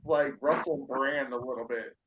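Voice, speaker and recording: A man hosting a casual chat with friends, loud, laughing often and swearing freely. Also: mid-range voice, steady tone, moderate pace, dull audio, a little hiss or hum.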